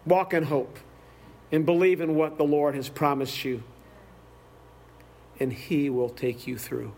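A male preacher with a high-pitched voice delivers a sermon. He tells stories with heartfelt feeling and recites scripture from memory. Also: fairly even intonation, measured pace, creaky, a little mellow. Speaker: visiting preacher.

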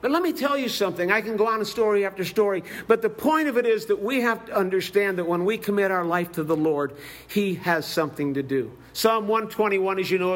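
High-voiced male preacher telling stories. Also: a bit bright. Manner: storytelling, heartfelt, reciting scripture. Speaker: visiting preacher. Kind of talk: sermon.

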